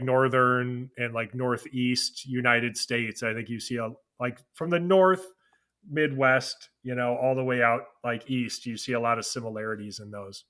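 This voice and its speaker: Bright-voiced man thinking aloud. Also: mid-range voice. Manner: halting, many fillers and restarts while thinking aloud. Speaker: podcast co-host. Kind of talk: casual chat.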